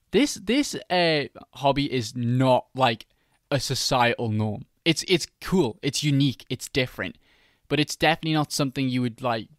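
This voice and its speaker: A young man hosts a podcast and talks in an easygoing, candid way. His voice is smooth and clear. It is recorded close and dry, with no room around it. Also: medium pitch, no room sound. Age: young adult, university student. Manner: easygoing, laughs along, candid. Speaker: podcast host. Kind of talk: casual podcast chat.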